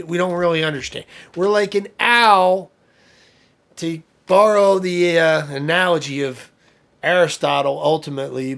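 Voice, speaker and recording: A man with a somewhat high, gravelly voice gives an informal lesson as a priest. He talks loosely, with fillers and asides. He builds to emphatic, louder stresses on the points he cares about. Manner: explains with fillers and asides, rising to emphatic peaks. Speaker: priest teaching a study session.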